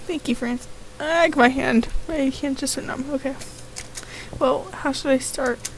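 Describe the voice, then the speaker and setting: A woman's voice: sits high, steady tone, unhurried, slight background noise, rough recording. A woman playing a game on video, reading the characters' lines aloud in her own voice and breaking in with her own reactions. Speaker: let's play gamer.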